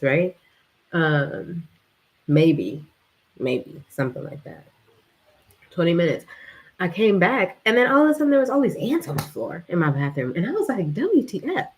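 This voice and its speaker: A woman vlogger telling a story in casual, slangy talk, animated and often breaking into laughter. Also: fairly low pitch, poor audio.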